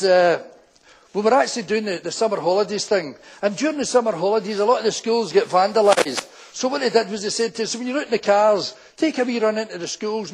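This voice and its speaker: An older Scottish man with a broad Glaswegian accent spins police anecdotes as live stand-up, slipping into the voices of the people he met. His voice sits fairly high for a man and has a husky edge to it. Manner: anecdotal, acts out quoted characters in broad local dialect. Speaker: stand-up comedian, former policeman. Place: town hall stage before a full house.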